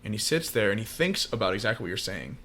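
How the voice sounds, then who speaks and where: A man co-hosting a podcast, calmly explaining story context in a casual film discussion. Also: lowish voice, fast talker. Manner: explains context and draws thoughtful comparisons, with frequent fillers. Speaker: podcast co-host.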